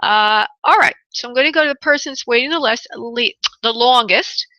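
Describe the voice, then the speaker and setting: A woman hosting a call-in radio show as a medium, talking affectionately to callers and calling them honey, with frequent pauses and restarts. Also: fairly high pitch, pushed and bright, dry recording, highs cut off. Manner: hesitant, many pauses and restarts. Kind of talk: casual call-in radio chat.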